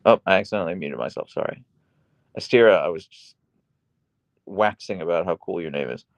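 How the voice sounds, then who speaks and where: Creaky-voiced man chatting on a livestream. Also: brisk, no echo, highs cut off. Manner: coos in high baby talk to his dog. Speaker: livestream host reading chat. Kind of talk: casual livestream chat. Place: small bedroom at home.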